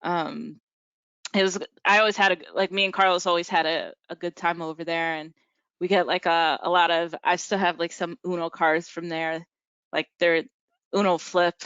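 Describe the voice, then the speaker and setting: Clear-voiced woman on a video call. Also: lowish voice, fairly even intonation, normal speed, fairly bright tone, no room sound. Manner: hesitant, many ums and likes. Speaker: support group member. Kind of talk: casual video call chat. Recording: muffled video call audio.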